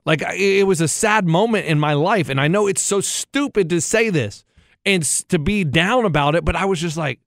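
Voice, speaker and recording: A man's voice: high-pitched, fairly quick, dry recording, clean studio sound. A man co-hosting a talk podcast, telling a long rambling story in casual chat and acting out other people's lines. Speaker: radio show co-host.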